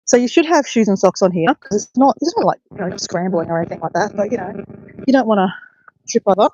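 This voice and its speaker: A woman's voice: mid-range voice, expressive, quick pace, dark tone, lo-fi sound, a little hiss or hum. A woman hosting a casual live stream outdoors by a bay, chatting to viewers in an upbeat way. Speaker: livestream host. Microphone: handheld phone.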